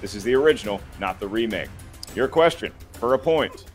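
A man's voice: lowish voice, animated, brisk, soft background music. Playful man hosting a trivia game. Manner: playful, jokey, counts down timers. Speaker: trivia quiz host. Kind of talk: game show hosting with banter.

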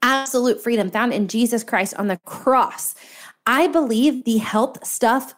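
A woman in her thirties speaks a little slowly with a fairly high pitch. She's a guest author on a faith-based podcast, earnest and somewhat preachy, stressing her key points by repeating them.

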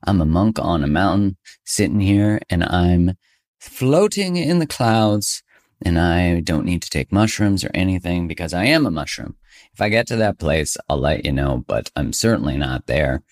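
Deep-voiced man hosting a podcast. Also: moderate pace. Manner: chatty, self-joking, laughs often. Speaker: podcast host. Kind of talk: casual podcast monologue.

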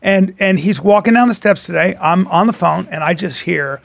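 A middle-aged man co-hosting a casual podcast, an animated storyteller who swears freely and acts out the voices in his stories. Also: sits high, moderate pace, creaky. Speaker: podcast co-host.

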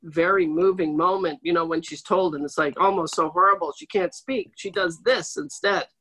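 A man's voice: high voice, normal speed, pushed and bright. A man co-hosting a comedy podcast, rambling through a story a little tipsy, over a video call. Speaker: podcast co-host. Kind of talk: casual comedic chat.

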